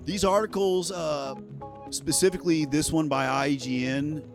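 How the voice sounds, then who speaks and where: A man's voice: fairly high pitch, steady tone, measured pace, music in the background. A man giving casual, heated commentary on gaming news, swearing freely and talking in a sarcastic, ranting way.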